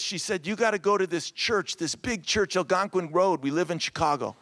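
A middle-aged man from Cleveland, Ohio, a pastor giving a conference talk to ministry couples, lively and joking, calling out to his audience and often repeating words as he speaks. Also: sits high, fairly quick, no room sound. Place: conference room with round tables.

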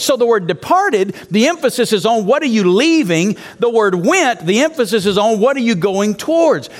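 High, animated male preacher. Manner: dynamic preacher, drops low and quiet then rises to loud high shouts; conversational, rhetorical asides to the audience. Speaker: pastor teaching church planters. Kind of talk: preached teaching session.

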